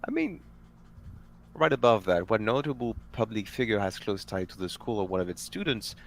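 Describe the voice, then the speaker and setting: Playful man with a lively, low voice. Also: moderate pace. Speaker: player. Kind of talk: casual tabletop chat.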